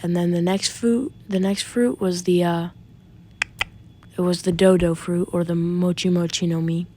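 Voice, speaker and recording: A woman telling a fan story off the cuff, with a fairly low, dark and mellow voice. She rambles loosely from point to point and often backtracks mid-sentence. Now and then she throws in a casual curse word. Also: steady tone, normal speed, slight background noise. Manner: rambling, many fillers and restarts, occasional swearing. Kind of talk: unscripted casual retelling.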